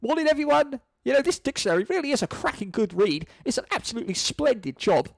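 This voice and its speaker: A man's voice: extremely high pitch, big pitch swings, fast, creaky, dry recording, studio quality, voice pushed up, exaggerated voice. A man reading a screenplay aloud, voicing a foppish, dim young prince who sounds cheery and vague. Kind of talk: screenplay read-through.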